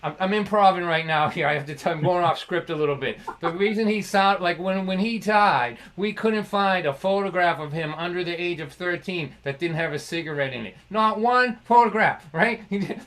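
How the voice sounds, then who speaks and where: A middle-aged man, telling a comic story on a livestream. His voice sits fairly high for a man. He talks in a chatty, self-deprecating way. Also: normal speed, hardly any pauses, fairly bright tone. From Lynn, Massachusetts. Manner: conversational, self-deprecating, ribbing. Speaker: storyteller performer.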